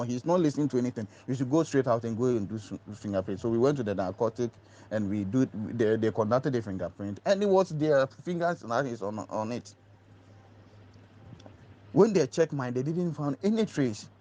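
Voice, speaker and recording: A man telling an animated first-person story, acting out quoted dialogue and often repeating words. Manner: acts out quoted dialogue, pitch jumping high on exclamations. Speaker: storyteller recounting an ordeal.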